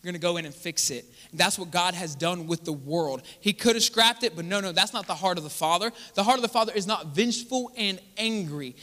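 A man preaches a sermon in a high, bright voice, putting questions to the congregation and answering them himself. He moves between loud exclaiming and quiet asides. His voice trails off in the long reverb of a big church hall. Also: fairly quick, hardly any pauses. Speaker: pastor.

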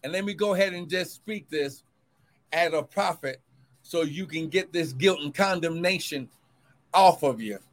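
Fervent high-voiced male preacher. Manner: fervent preaching with shouted cries of "woo, glory"; swings between shouting and quick low asides. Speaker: pastor and prophet. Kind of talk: livestreamed sermon.

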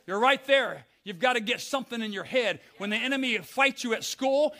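An older man preaching a fiery sermon in a church, building up to shouts. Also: very high-pitched, brisk, hardly any pauses, slight background noise. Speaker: pastor.

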